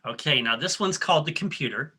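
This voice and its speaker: Bright-voiced man coaching a breathing exercise. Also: fairly high pitch, lively intonation, a little fast, slightly rough. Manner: coaching, leads the audience step by step; friendly, with frequent ums and restarts. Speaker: workshop presenter. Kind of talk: guided breathing exercise and talk.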